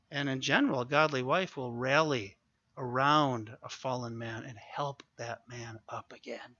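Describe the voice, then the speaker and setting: A man preaching a sermon, earnest and exhorting, who slows down to stress key points. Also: mid-range voice, sharp tone, lo-fi sound. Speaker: pastor.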